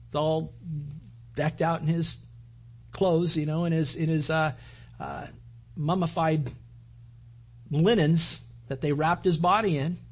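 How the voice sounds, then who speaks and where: A man's voice: a little high, fairly even intonation, takes it slowly, pauses often, husky. A man preaching a sermon, retelling scripture in a conversational storytelling way and acting out quoted lines. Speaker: pastor.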